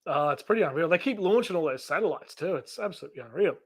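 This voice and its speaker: As host of a casual live stream, this Australian man chats easily, laughs often and performs little bits of dialogue in his stories. He talks quickly in a fairly high, animated voice with a breathy edge.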